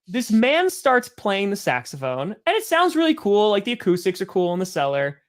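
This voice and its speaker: His voice sits high and he speaks at an ordinary speed with barely any pauses. On a live stream, the man calls plays and tells a rambling story in a relaxed, talkative way, an animated narrator with many "like"s.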